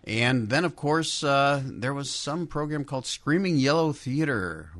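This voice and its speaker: A man's voice: mid-range voice, lively intonation, measured pace, a bit bright. A middle-aged man from the Chicago area, a guest on a radio show, telling jokey, self-mocking stories. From Chicago area, USA. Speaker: guest, TV horror host. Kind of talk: radio interview chat. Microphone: studio microphone.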